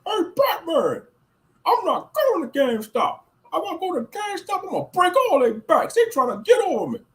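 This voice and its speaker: A man putting on the voice of a hulking masked male movie villain, booming, shouted and drawn out. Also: huge pitch swings, moderate pace, heavily acted. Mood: menacing.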